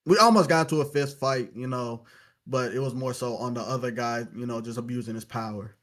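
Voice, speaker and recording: A man's voice: mid-range voice, brisk, fairly bright tone. A young man from Louisiana, a podcast guest telling his story in a casual, reflective way, with lots of "you know" fillers.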